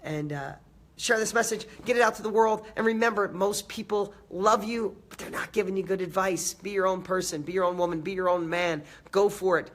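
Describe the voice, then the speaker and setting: A man with a slightly hoarse, raspy voice from a cold, giving an emphatic live motivational talk, stacking repeated phrases and greeting viewers by name. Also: sits high, steady tone, a little fast, a bit bright. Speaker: motivational host.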